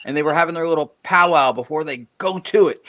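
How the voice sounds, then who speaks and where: Male panelist, slightly high voice, dry sound, rambling storyteller. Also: fast, fairly bright tone, dry recording, dull audio. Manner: rambling, self-interrupting storyteller. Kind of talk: casual panel chat.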